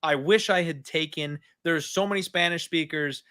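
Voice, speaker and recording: Bright high-voiced guy, upbeat. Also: normal speed, smooth. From Arizona, USA. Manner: upbeat, chatty and self-mocking. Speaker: podcast co-host. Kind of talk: casual chat.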